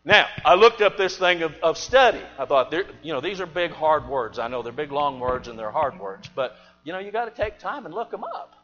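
A man preaching a sermon, telling a folksy story and swinging between loud bursts and hushed asides. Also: a little high, animated, fairly quick, hardly any pauses. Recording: dull lo-fi church recording with long reverb and faint music.

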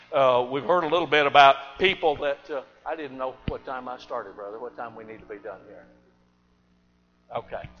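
A man preaching a sermon, telling a folksy story and swinging between loud bursts and hushed asides. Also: mid-range voice. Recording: dull lo-fi church recording with long reverb and faint music.

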